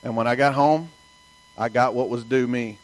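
A man's voice: mid-range voice, steady tone, normal speed, rough recording. A man from the American South with a Southern accent, preaching a sermon in a folksy storytelling way and asking the congregation for amens. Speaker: pastor.

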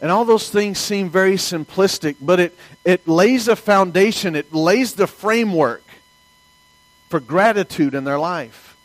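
A man's voice: high voice, a little slow, no room sound, poor audio. A man from the American South with a Southern accent, preaching a sermon in a folksy storytelling way and asking the congregation for amens. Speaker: pastor.

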